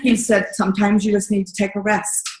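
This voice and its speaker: Middle-aged woman telling her conference story, earnest and lively, echoey room. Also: mid-range voice, fairly quick. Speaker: distributor sharing a story. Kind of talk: testimonial at a training meeting.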